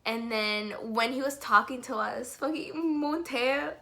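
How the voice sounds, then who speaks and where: A young woman vlogging an excited storytime, gushing with lots of "like" and breaking into giggles. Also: on the high side, a little slow.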